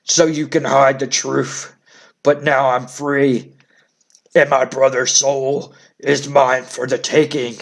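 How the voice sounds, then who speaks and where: A man voicing a brooding, vengeful undead-style wrestler, speaking slowly and ominously. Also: mid-range voice, flat delivery, vocal fry, voice pushed down. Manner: slow, ominous, vengeful speech.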